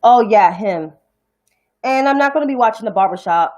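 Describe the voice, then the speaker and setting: A woman with a New York accent hosts a livestream in a fairly high voice. She talks casually and bluntly, swears freely, and sounds fed up. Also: lively intonation, moderate pace, darkish tone, muffled recording. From New York City (Harlem). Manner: blunt, profane, indignant ranting. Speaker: commentary show host.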